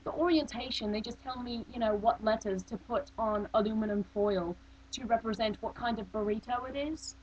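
A woman's voice: a little high, normal speed, a little mellow. A young woman rambling on a webcam in a vague put-on accent, sounding bored. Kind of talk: casual webcam monologue. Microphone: built-in webcam mic. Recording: dull lo-fi webcam audio with faint hum.

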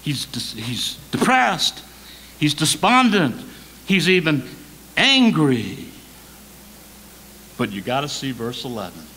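Slow, dramatic male preacher. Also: a little high, expressive, rough recording. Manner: dramatic swings from loud emphasis to soft near-whisper; slow deliberate preaching with repetition. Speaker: associate pastor. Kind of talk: sermon. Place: church sanctuary.

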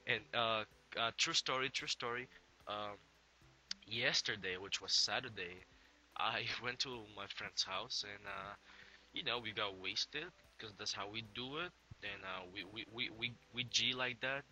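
Tipsy young man with a very bright voice. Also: mid-range voice, measured pace, poor audio. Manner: rambling, swearing, laughing between lines. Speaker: gaming channel host. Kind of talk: casual profane vlog chat.

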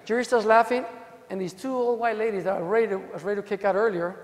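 High-voiced man telling courtroom stories. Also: fast talker. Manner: animated, casual, full of asides. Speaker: defense lawyer presenting at a legal conference. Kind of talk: storytelling conference talk. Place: hotel ballroom. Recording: long echo of a large hall.

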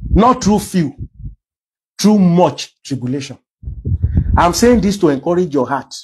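A Nigerian pastor preaches a sermon with emphasis, hammering his points home with rhetorical questions. His high voice is somewhat husky with a darkish tone, and he speaks unhurriedly with lively intonation on poor-quality audio.

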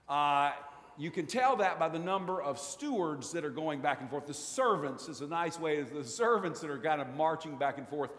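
A man's voice: a little high, fairly bright tone. A man preaching a sermon in a church, telling the story in a folksy, humorous way. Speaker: pastor. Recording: long church reverb.

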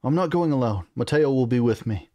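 A man's voice: medium pitch, animated, brisk, dark tone, no echo, lightly acted. A man reading aloud and voicing a determined young male prince who gives firm, commanding orders.

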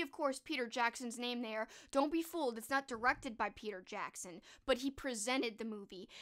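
A woman's voice: on the high side, a bit bright. A young adult woman streaming, chatting casually and enthusiastically about favorite movies, gushing and restarting her sentences. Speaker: streamer and horror book host. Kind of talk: casual live-stream chat.

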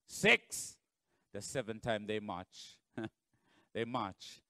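A man preaching a sermon as pastor, telling the story dramatically and swinging between loud bursts and low, hushed lines. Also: extremely slow, no room sound.

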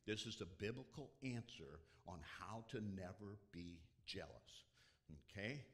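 A male pastor preaching a sermon, talking straight to the congregation and swinging from loud emphasis to hushed whispers. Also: fairly low pitch, lively intonation, unhurried. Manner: conversational, addresses the congregation directly.

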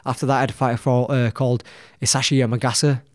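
A man's voice: medium pitch, level tone, fast, no room sound, clean studio sound. A young man with a Leeds accent, a boxer telling his story as a podcast guest, blunt and swearing constantly. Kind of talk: casual storytelling.

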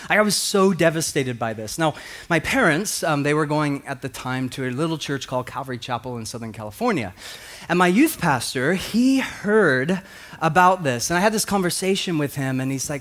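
Guy pastor preaching, storytelling mode, slightly high voice, does little voices for people. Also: fairly quick. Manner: animated storyteller acting out voices. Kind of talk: sermon storytelling.

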